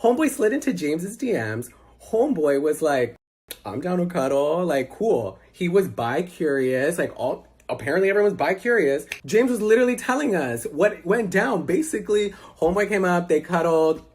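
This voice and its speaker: A man as an interview guest, telling a story in a casual, animated way, acting out quoted dialogue and swearing freely. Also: high-pitched, normal speed.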